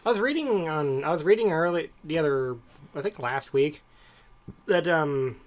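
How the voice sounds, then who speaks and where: A man's voice: fairly high pitch, expressive, moderate pace. A man co-hosting a podcast, chatting casually and rambling from one topic to the next. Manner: rambling, digressive storytelling. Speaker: podcast co-host. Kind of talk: casual chat.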